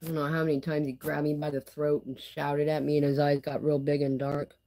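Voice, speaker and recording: A woman's voice: deep voice, level tone, fairly quick, warm tone, slight background noise, rough recording. A woman talking candidly in a casual personal vlog, rambling and filling her speech with "you know" and "like.". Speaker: vlogger.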